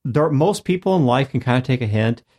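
A man in a casual podcast chat, explaining game-mastering advice in a measured way. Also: mid-range voice, lively intonation, vocal fry, a little mellow. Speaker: podcast co-host.

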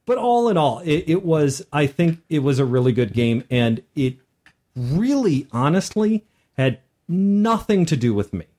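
A man's voice: a little high, a little slow. A man who runs tabletop games, recounting a session in casual chat and acting out the characters as he goes. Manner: animated storyteller who acts out characters. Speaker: game master.

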